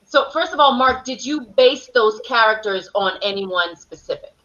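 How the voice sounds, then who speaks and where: A woman's voice: a little high, animated, moderate pace, fairly bright tone. A woman hosting a live stream interview, reading out viewer comments and asking the guests questions. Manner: reads out viewer comments, chatty. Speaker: host. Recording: dull lo-fi stream audio.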